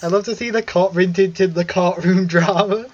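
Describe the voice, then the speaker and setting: A man's voice: high-pitched, fairly even intonation, moderate pace, dull audio, slight background noise. A man co-hosting a film podcast in casual chat, chatty and detail-focused, often giggling. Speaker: podcast co-host.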